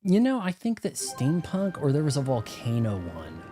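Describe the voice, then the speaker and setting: A man's voice: mid-range voice, huge pitch swings, normal speed, warm tone. A man streaming live gameplay, rambling and cracking jokes as he plays, with game music behind him. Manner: rambling, joking asides while playing.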